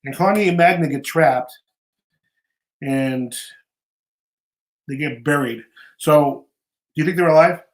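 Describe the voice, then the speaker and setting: A man's voice: a little high, takes it slowly, pauses often, roomy sound. A man hosting a podcast, recapping a show in casual, rambling chat and often repeating himself. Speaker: podcast host.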